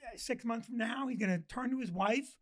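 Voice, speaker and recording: A man's voice: very high-pitched, a little fast, a bit bright. An older man co-hosting a casual talk show, telling stories in a blunt, joking way. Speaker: co-host. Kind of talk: casual chat.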